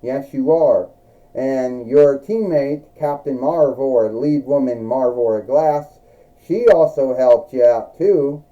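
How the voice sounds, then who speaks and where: Guy playing a backstage wrestling interviewer, slow, chatty, muffled audio. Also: mid-range voice, mellow, natural voice. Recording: dull lo-fi recording.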